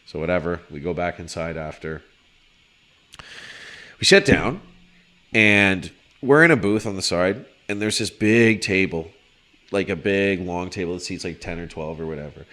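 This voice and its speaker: Low-voiced man telling a wild story. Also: normal speed. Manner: animated, swearing, shouts when quoting people. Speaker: podcast co-host telling a story. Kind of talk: casual storytelling among friends.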